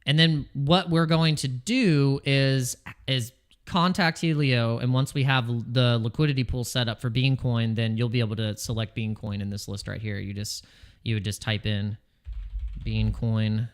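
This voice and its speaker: A man's voice: medium pitch, fairly even intonation, moderate pace. A man hosting a casual crypto livestream, joking and rambling, reading chat names and restarting his sentences, wired on coffee. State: over-caffeinated.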